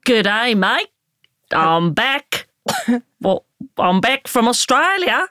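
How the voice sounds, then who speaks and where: A woman hams up a jokey Australian twang, pitching her voice up into a sing-song lilt. The sound is close and dry, with no room around it. It is her own voice stretched into a put-on accent. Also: brisk, fairly bright tone, no room sound, soft background music, close to an everyday voice. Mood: cheeky.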